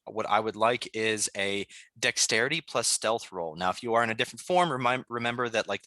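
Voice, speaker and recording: A man's voice: medium pitch, pushed and bright, no room sound. A man running a tabletop game over a video call, explaining the rules patiently with frequent ums. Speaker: game master.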